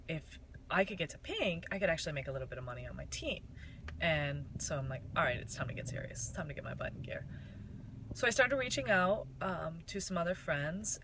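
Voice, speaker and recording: A woman's voice: low-pitched, a bit bright, slight background noise, rough recording. A young woman from Michigan telling her network marketing story in a casual, candid way, with frequent fillers.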